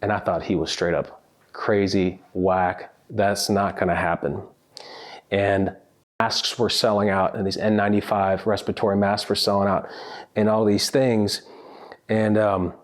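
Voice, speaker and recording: A male pastor reflecting earnestly on his church's year, often repeating words as he starts a thought. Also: on the low side. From United States.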